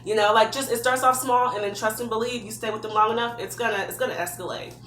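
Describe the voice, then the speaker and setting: A woman's voice: fairly high pitch, steady tone, quick pace, fairly bright tone, reverberant, slight background noise. A woman giving earnest, heartfelt advice from her own experience in a personal vlog. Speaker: vlogger.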